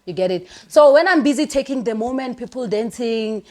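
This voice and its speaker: A woman's voice: on the high side, brisk. Laughing young South African woman. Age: young adult. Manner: animated storyteller, laughs often. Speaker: guest content creator. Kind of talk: casual podcast interview.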